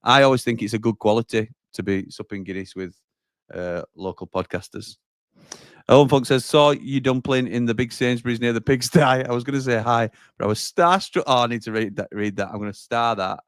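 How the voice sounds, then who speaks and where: A man's voice: mid-range voice, a little fast, smooth, no room sound, clean studio sound. A man hosting a casual live football watchalong and reading out viewer comments in a chatty, easygoing way. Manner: chatty, laughs easily, reads out viewer comments. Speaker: host of a football watchalong stream.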